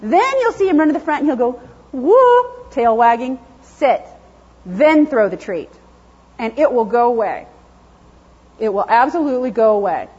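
A woman's voice: a little high, moderate pace, husky. Chatty woman teaching about dog behavior. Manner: lively, chatty, acts out dogs' thoughts in silly voices. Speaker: dog behavior trainer and lecturer. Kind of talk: lecture to a class. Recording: dull, lo-fi classroom recording.

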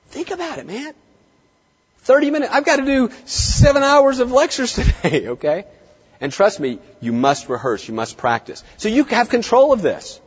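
A middle-aged man lectures a room of veterinary students, pushing his delivery high and low to make points land. His voice sits a bit high and slightly husky. The recording is muffled, with a long reverb from the lecture hall. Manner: animated, dramatic swings in tone and pace. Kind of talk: lively live lecture to students.

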